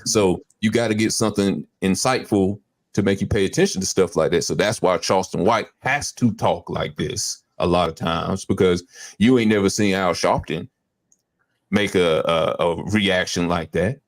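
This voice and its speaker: Low-voiced host guy chatting about a clip, kinda rambly, dry sound. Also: normal speed, no room sound. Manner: rambling, reflective explaining. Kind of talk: casual commentary on a clip.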